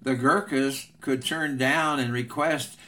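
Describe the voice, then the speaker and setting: A male preacher telling an illustration in a sermon, with measured, earnest narration. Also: mid-range voice, fairly even intonation, sharp tone. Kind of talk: sermon storytelling.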